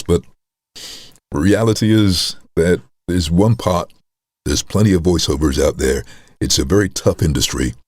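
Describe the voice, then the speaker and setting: A middle-aged man, a voice-over artist, telling stories in a casual interview with a very deep chest voice, acting out quoted lines. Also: breathy edge, no room sound, studio quality. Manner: animated storyteller, acts out voices.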